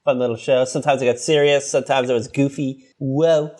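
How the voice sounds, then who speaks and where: A man's voice: medium pitch, a little fast. A man in his thirties co-hosting a podcast, joking around in casual chat. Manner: playful, joking, lively. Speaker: podcast co-host.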